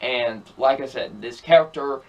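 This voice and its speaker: A man's voice: mid-range voice, normal speed. A young man giving a ranting, repetitive movie review, sounding exasperated as he keeps circling back to the same complaints. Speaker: film reviewer.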